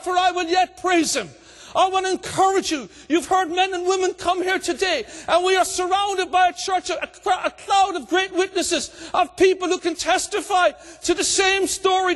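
A man preaches an evangelistic sermon in a strikingly high voice, his words ringing out with a long echo through a large church hall. He presses his appeal with passion and breaks into shouts on the key lines. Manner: impassioned, preaching with rising shouts.

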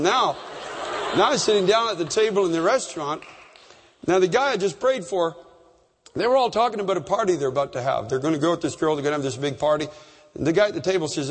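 A man from Canada preaching a storytelling sermon, animated and rising in pitch at the high points. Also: fairly quick, husky. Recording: long reverb in a large hall.

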